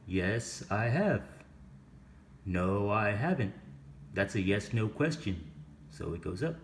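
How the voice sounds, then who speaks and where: A man's voice: lowish voice, expressive, slow pace, pauses often. A man teaching an English lesson, explaining grammar and pronunciation step by step and asking the class questions.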